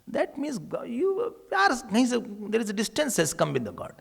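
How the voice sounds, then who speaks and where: Animated male spiritual teacher. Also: very high voice, racing, vocal fry. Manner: animated storytelling, acting out dialogues with humor. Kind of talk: spiritual discourse.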